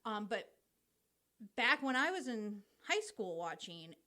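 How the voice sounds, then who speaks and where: A woman's voice: on the high side, sing-song, unhurried, sharp tone. Chatty woman explaining baseball. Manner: chatty, explains step by step with many ums. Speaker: podcast co-host explaining baseball. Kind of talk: casual explanatory chat.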